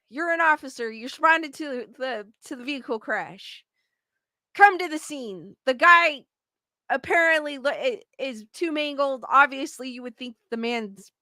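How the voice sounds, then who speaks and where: A woman's voice: high-pitched, bright, forceful tone, no room sound. A woman hosting a casual chat show, reading out stories and viewer comments with lots of reactions and laughter. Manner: chatty, laughs often, restarts and reacts to comments.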